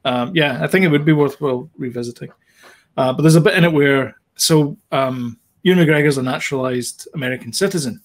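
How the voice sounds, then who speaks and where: A man's voice: on the high side, fairly quick. A man, co-hosting a podcast in casual chat, rambling with plenty of fillers and restarts. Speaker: podcast co-host.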